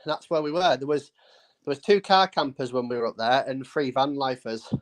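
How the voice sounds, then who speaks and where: A man's voice: medium pitch, a little fast. A man from England bantering casually, teasing and slangy, a little out of breath from exercise. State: out of breath from pedaling.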